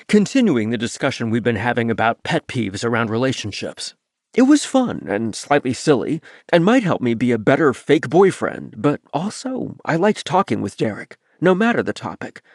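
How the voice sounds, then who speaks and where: Lively male audiobook narrator. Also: medium pitch, normal speed, dry recording, clean studio sound. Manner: lively, expressive reading. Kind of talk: first-person scripted narration.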